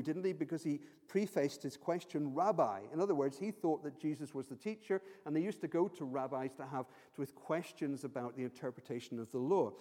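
High-voiced preacher in a big hall. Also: male voice, a little mellow. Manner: earnest, many repeated restarts. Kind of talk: sermon. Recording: long reverb of a large hall.

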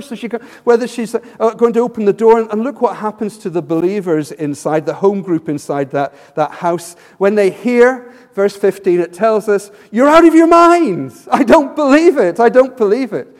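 High-voiced man preaching in an echoing hall. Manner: animated, acts out quotes with rising emphasis. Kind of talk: sermon. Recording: reverberant hall.

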